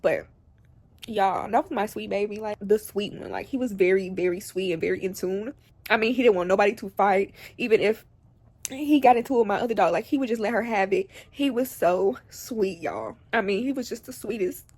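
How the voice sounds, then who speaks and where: A young woman vlogger talks to the camera from home, crying on and off as she rambles and confides in her viewers. Her mid-range voice is fairly quick, a little mellow and slightly rough, and the recording has no room sound.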